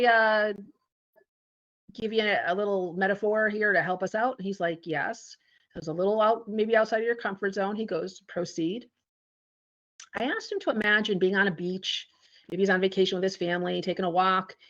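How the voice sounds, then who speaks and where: A woman, a company founder, telling lively stories in an interview and acting out the dialogue. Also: medium pitch. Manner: animated storyteller acting out dialogue. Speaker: guest, founder and CEO. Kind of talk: casual interview storytelling. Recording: dull lo-fi audio.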